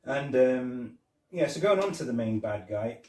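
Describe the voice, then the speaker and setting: A man's voice: mid-range voice, expressive, a little slow, a crowd in the background. A man co-hosting a podcast, chatting casually about a film and retelling scenes, rambling with many fillers. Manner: rambling, retells scenes with quoted lines and laughs. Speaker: podcast co-host. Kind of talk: casual film review chat. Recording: echoey room, distant mic.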